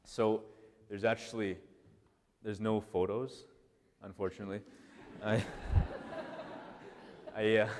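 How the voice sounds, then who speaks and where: A man, a priest, giving a casual, animated storytelling talk full of restarts and "like". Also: fairly low pitch, slow pace, pauses often. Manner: animated, conversational, many restarts and "like". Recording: long hall reverb.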